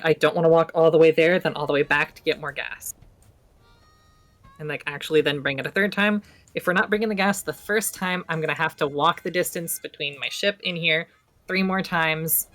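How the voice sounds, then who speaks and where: A woman with a low voice speaks as a player in a tabletop game. She chats and grumbles in character. Faint music plays behind her. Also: fairly even intonation, normal speed, fairly bright tone.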